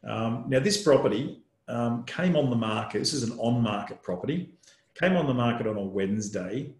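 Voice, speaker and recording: A man's voice: medium pitch, lively intonation, moderate pace, a little mellow. Man hosting a property webinar. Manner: conversational, frequent um fillers. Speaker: buyer's agent and webinar host. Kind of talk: casual webinar presentation. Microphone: video call. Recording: echoey room.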